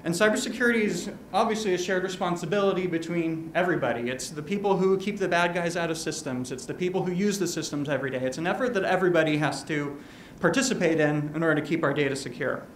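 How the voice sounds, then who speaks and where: A man hosting a campus event, giving an earnest, measured introduction of a guest speaker. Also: on the high side. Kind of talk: formal introduction speech. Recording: echoey room with faint noise.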